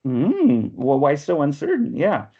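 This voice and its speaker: A man's voice: fairly high pitch, wildly swooping pitch, unhurried, dark tone, slightly rough. A man giving an online poetry workshop lecture, explaining step by step and often checking in with "right?". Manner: explanatory, keeps asking "right?". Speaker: workshop instructor. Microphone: video call. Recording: lo-fi video call audio.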